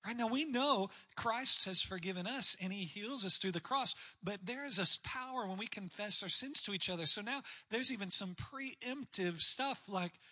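Bright, breathy-voiced male preacher. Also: high-pitched, normal speed, few pauses. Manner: candid, self-deprecating, conversational. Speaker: pastor speaking on marriage. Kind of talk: sermon.

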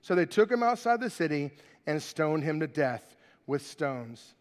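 High-voiced man preaching in a reverberant hall. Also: a little slow. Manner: animated, acts out biblical characters in voices. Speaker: pastor. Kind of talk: sermon with scripture reading.

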